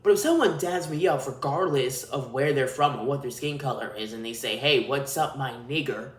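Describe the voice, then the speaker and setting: A man's voice: medium pitch, a little fast. A man hosting a podcast, delivering a crude, profane, ranting solo monologue. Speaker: podcast host. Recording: roomy echo.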